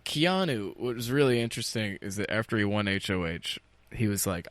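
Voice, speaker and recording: A man co-hosting a podcast, recapping in a casual, animated way and laughing often. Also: fairly low pitch, moderate pace, dry recording. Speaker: podcast co-host. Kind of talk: casual chat.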